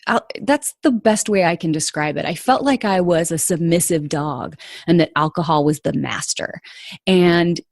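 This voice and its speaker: A woman's voice: lowish voice, normal speed, no room sound, studio quality. A woman hosting a podcast, telling a personal story in an earnest, confiding way and speaking straight to her listeners. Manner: earnest and confiding, addresses listeners as "you guys". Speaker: podcast host.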